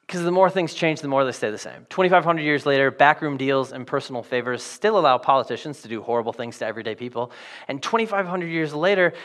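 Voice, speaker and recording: A man's voice: fairly high pitch, a bit bright. A man preaching a sermon in a conversational, jokey style with modern slang. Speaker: pastor.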